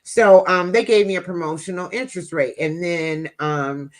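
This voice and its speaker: A woman's voice: lowish voice, steady tone, normal speed. A woman vlogger casually telling viewers a personal story in a chatty, folksy way.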